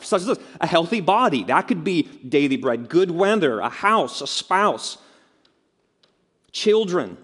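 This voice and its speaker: Man preaching in a reverberant hall. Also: on the high side. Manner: conversational preaching with asides and rhetorical questions. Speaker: pastor. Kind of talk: sermon. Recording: long reverb of a large hall.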